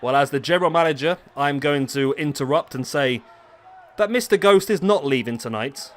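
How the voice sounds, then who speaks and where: A man's voice: fairly high pitch, moderate pace, a bit bright, a little hiss or hum, lightly acted. Man playing a stern wrestling general manager. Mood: commanding. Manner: announcing, commanding. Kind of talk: wrestling promo in a game commentary.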